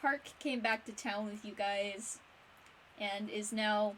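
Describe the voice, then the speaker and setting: A woman acting as game master, narrating the scene in a halting way with many fillers. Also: medium pitch, fairly even intonation, a little hiss or hum, poor audio.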